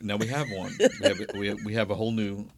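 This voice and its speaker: A man's voice: on the low side, quick pace, slight background noise. A man co-hosting a casual podcast, giggly and reading entries aloud with relish. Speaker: podcast co-host. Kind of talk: casual chat.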